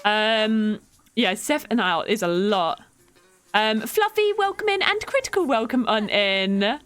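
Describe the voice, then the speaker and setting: A woman's voice: on the high side, lively intonation, unhurried, fairly bright tone, clear, resonant tone. A young woman streaming a game, chatting casually, reacting to the game and thanking viewers by name. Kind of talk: casual live-stream chat while playing. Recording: faint music behind.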